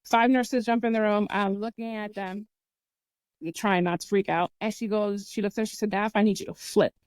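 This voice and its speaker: A young woman with a smooth, clean voice tells a personal story on a podcast, earnest and lively, acting out other people's lines as she goes. Her voice sits close and dry on the mic with no room around it. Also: medium pitch, normal speed, no room sound. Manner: earnest, lively retelling with acted-out quotes and sound imitations. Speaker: podcast host.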